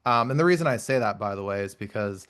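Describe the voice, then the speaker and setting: A man's voice: fairly low pitch, expressive, fast, fairly bright tone, clean tone. A man in his thirties hosting a podcast interview, earnest and reflective as he shares his own experiences. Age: 30s. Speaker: podcast host. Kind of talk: conversational interview.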